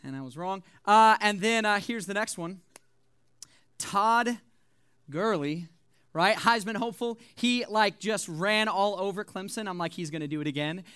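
Young male youth pastor, animated and joking, high bright voice, dry close sound. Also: measured pace, clean tone, dry recording. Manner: animated, joking, conversational preaching. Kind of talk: sermon.

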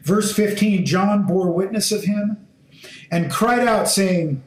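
Slow, high-voiced preacher in an echoey room. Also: male voice, slight background noise. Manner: slow, deliberate phrasing in short measured fragments; rising into emphatic questions to listeners. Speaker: Bible teacher. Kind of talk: sermon with scripture reading. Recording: roomy echo.

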